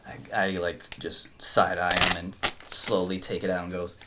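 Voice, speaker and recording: Brief: low but bright-toned male player, casual in-character chat. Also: level tone, a little slow, a little hiss or hum. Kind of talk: playing a tabletop game.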